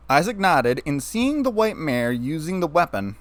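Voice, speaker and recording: A man narrating a fan fiction story with a steady, even delivery. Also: medium pitch, brisk, hardly any pauses, no echo.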